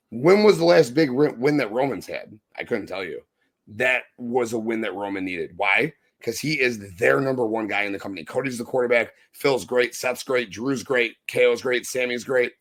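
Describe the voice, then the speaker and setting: A man's voice: medium pitch, creaky, fairly bright tone. A man co-hosting a podcast, delivering a heated, profane wrestling review rant. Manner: profane, impassioned, ranting. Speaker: podcast co-host.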